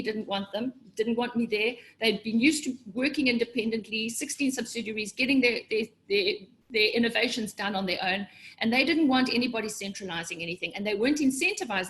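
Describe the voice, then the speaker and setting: A middle-aged woman giving a motivational webinar as a business coach, animated, often acting out voices in her head with sudden leaps in pitch.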